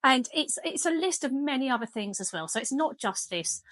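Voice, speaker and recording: A woman's voice: high voice, lively intonation, normal speed, a bit bright, no room sound. Chatty woman, dog trainer. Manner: chatty, firm commands to the dog. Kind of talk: casual training demonstration. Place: home kitchen.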